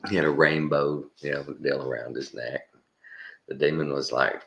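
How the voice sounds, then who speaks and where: A man with a Texan accent and an extremely deep, low voice talks through a casual opinion monologue. He rambles and chuckles, and he repeats words to hammer a point home. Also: steady tone, normal speed, gravelly, a bit bright. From Texas. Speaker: commentary host.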